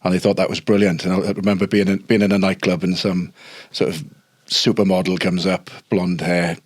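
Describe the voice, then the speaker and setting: A man and former rugby player, telling a story in a relaxed way on a podcast. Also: low voice, fairly quick, breathy edge, no room sound, studio quality. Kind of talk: casual chat.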